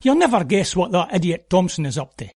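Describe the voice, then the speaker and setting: A man with a Scottish accent voicing a dapper, easygoing male farm foreman who gossips in a chatty, relaxed way. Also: high-pitched, fairly quick, slightly rough, full character voice. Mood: gossipy.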